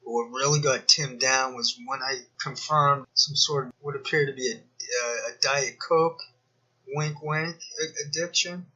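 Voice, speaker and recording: A man's voice: mid-range voice, steady tone, unhurried, sharp tone, slightly rough, muffled recording. A man giving rambling, sarcastic commentary as a YouTuber, full of mocking asides and digressions. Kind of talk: rambling screen-share commentary.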